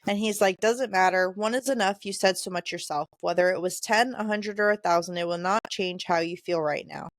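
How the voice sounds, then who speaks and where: A woman's voice: fairly low pitch, a little fast, no echo, clean studio sound. Woman casually reading book passages aloud. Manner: reads quoted dialogue in a plain voice, stumbles over names. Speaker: podcast co-host.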